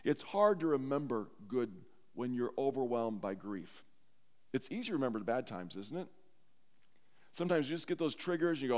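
A man's voice: medium pitch, animated, normal speed. A man preaching a sermon as pastor, earnest and heartfelt, in a church sanctuary. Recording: long church hall reverb.

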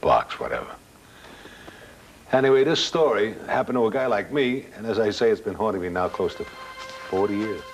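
An older man casually telling a personal anecdote as a guest, halting at times and acting out dialogue. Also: lowish voice, animated, faint music behind, poor audio. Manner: plain-spoken, halting, with restarts and quoted dialogue. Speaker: guest storyteller.

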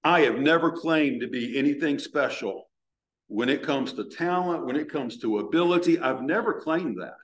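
A man preaching a sermon as pastor, earnest, slowing down to stress words from scripture. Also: expressive, a little hiss or hum. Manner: prays in a hushed, low voice.

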